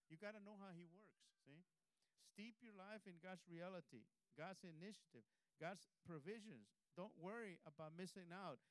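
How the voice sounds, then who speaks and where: A pastor preaches to his congregation at an evening service, mixing scripture reading with easygoing, exhorting asides. His voice sits high for a man and comes through smooth and resonant. The sound is dry, with little room echo. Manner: exhorting, conversational, breaks into soft laughs. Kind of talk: sermon. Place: church service.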